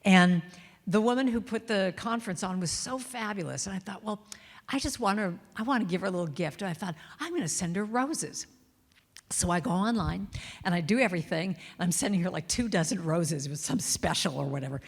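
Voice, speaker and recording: A middle-aged woman giving a talk at a church, telling stories and softly singing lines of her chants. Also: mid-range voice, expressive, brisk, gravelly, breathy edge. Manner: warm storytelling, sings lines softly. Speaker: guest speaker and singer. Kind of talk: sermon with sung chants. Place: church sanctuary. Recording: long hall reverb.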